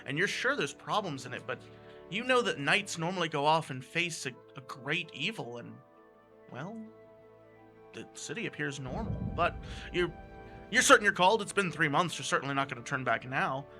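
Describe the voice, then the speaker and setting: A man's voice: a little high, animated, moderate pace, sharp tone, faint music behind. A man narrating as game master of a tabletop game, describing scenes and correcting himself as he goes. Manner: descriptive with frequent self-corrections.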